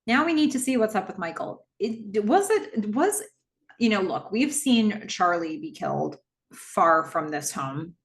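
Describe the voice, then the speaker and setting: A young adult woman casually recapping a horror movie plot, slowing down for the dramatic beats. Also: mid-range voice. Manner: expressive storyteller, slows for dramatic moments.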